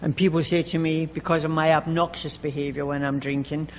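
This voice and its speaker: A woman's voice: sits low, level tone, brisk, a little hiss or hum. Wry, candid woman in echoey hall. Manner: candid, wry storytelling with self-mocking humor. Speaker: recovering alcoholic sharing at a meeting. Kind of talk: personal recovery story told to a group. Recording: echoey meeting hall recording.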